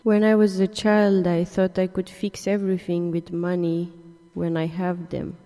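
A woman hosting an experimental radio performance, speaking in slow, drawn-out phrases. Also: lowish voice, flat delivery, warm tone. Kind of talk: slow spoken-word performance. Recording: long hall reverb.

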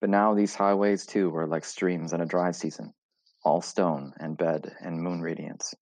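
Very deep-voiced male story narrator. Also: fairly even intonation, a little mellow, dry recording. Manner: measured, deliberate storytelling. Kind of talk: dramatic story reading. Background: faint music.

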